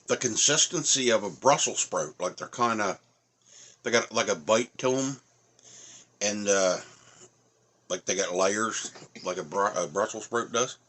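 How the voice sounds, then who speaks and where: His fairly low, sharp-toned voice moves unhurriedly with frequent pauses as he tastes food on camera. He's a middle-aged Nova Scotian with an Atlantic Canadian accent, rambling casually, using many fillers, and talking with his mouth full.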